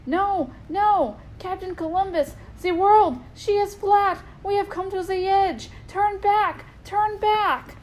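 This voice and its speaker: A woman's voice: very high voice, takes it slowly, few pauses, a little mellow, voice pushed up. A woman voicing a panicked young male ship's lookout in a read-aloud storybook, screaming frantic warnings.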